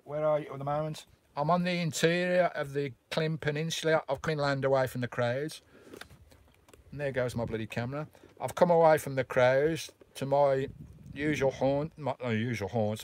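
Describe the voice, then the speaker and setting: A Welsh man from Wales, chatting casually on a live stream and greeting viewers as mate and bro from his camper van. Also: mid-range voice. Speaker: vlogger hosting a live stream. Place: inside his camper van in a remote valley.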